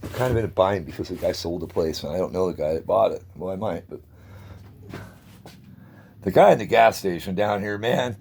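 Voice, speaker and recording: A man's voice: low-pitched, brisk, gravelly, pauses often, a little mellow, slight background noise. A middle-aged man talking to the camera in a rambling casual vlog, chatty and meandering, with grumbling asides. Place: outdoors near a dumpster.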